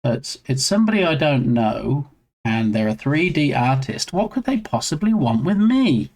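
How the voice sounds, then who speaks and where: A man's voice: mid-range voice, sing-song, normal speed, darkish tone. A man hosting a game development live stream, chatting casually with his audience in a playful way and laughing often. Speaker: game dev livestream host.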